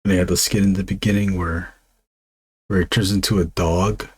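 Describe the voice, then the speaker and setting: Low, slightly raspy man; loose, rambling chat with restarts while he draws. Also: flat delivery, normal speed, darkish tone, no echo. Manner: meandering, lots of fillers and restarts. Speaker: illustrator streaming his drawing.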